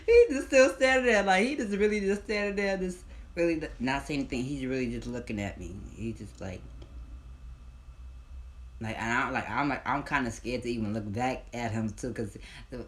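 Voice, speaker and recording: A man tells a storytime in a loose, rambling way, circling back over the same words. His voice sits in an ordinary middle pitch and jumps up loud when he gets worked up. A faint hiss runs underneath. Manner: rambling, repeats himself, bursts into loud excited disbelief. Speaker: vlogger telling a story. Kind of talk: casual storytime.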